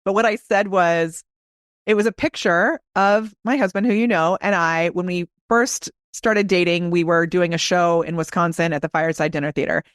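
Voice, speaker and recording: A woman's voice: on the low side, no echo, studio quality. A woman guest on a podcast, telling stories in an enthusiastic, casual way. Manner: enthusiastic, quick storytelling. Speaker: guest, video marketing expert.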